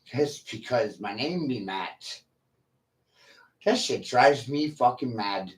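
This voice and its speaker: A man ranting on a livestream, profane, combative and boastful, with long pauses between his lines. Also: mid-range voice, expressive. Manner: slow, drawn-out delivery with long pauses. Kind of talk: livestream rant.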